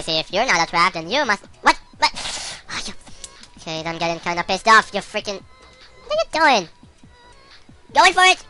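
A woman commentating a video game she is playing, excitable and shouting curses at it. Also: medium pitch. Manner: excitable, yells and swears at the game. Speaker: let's-play gamer.

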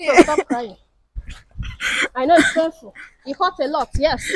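A woman's voice: sits high, unhurried, no echo, rough recording. An actress playing a young daughter with a Nigerian accent, begging her mother for forgiveness and soothing her. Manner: begging, soothing, repetitive pleas. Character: pleading young daughter, gentle peacemaker. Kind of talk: Nollywood-style skit acting.

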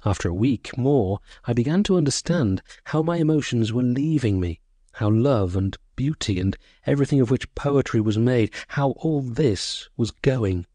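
A man narrating a short story as an audiobook, in a measured, sorrowful first-person voice. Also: mid-range voice, lively intonation, dark tone, no room sound.

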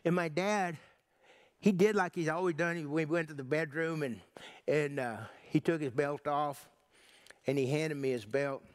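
Male pastor, higher-pitched, rambling folksy sermon delivery. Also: dry recording, studio quality. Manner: folksy, halting storyteller with many restarts. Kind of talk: sermon with personal story.

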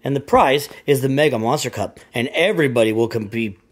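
A man's voice: mid-range voice, a little fast, husky. A man giving goofy, sarcastic running commentary over cartoon clips. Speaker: channel host.

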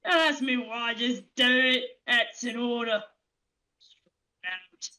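A bumbling police captain barks his orders and fumbles his apologies, put on by a woman. The voice sits a little low and rolls along slowly. The tone stays bright. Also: rough recording. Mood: gruff.

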